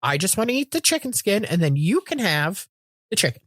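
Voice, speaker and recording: Brisk and mid-range in pitch, a middle-aged podcast co-host shares stories casually, performing quotes with animation and frequent profanity. The sound is dry and studio quality.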